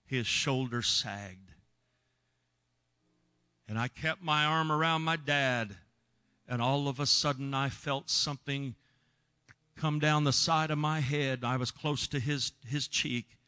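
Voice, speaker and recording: A man's voice: mid-range voice, slow pace, clear, resonant tone. Man telling an emotional sermon story. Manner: emotional storytelling, swings from hushed to loud. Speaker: preacher. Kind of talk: sermon testimony.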